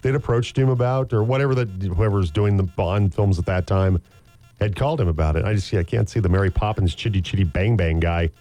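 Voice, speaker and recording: A man's voice: low voice, fast talker, mellow. A man with an American accent co-hosting a morning radio show, telling stories in a joking, rambling way with lots of restarts. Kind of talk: casual chat.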